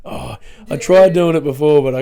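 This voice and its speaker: A woman's voice: low-pitched, moderate pace, gravelly, dark tone. An Australian woman laughing her way through a casual podcast chat as the guest. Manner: laughing, self-deprecating.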